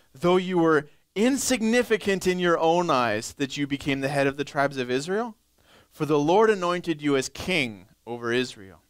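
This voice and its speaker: A young male pastor preaching a sermon, reading scripture slowly and acting out pleading churchgoers in a higher voice. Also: a bit bright, smooth, no echo. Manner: reads scripture slowly, then acts out pleading churchgoers in a high voice.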